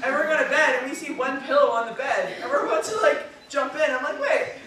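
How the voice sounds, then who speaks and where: A convention panelist telling animated, exclaiming stories to a fan audience. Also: male voice, very high-pitched, quick pace, background noise. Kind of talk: laughing anecdotes at a fan panel. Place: convention hall. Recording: echoey hall recorded from far off with crowd.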